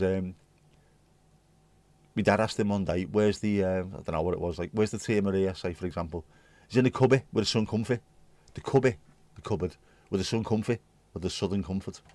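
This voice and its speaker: A man's voice: sits low, darkish tone, no room sound. A man hosting a livestream, chatting to viewers in a rambling, jokey way and swearing casually. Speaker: livestream host.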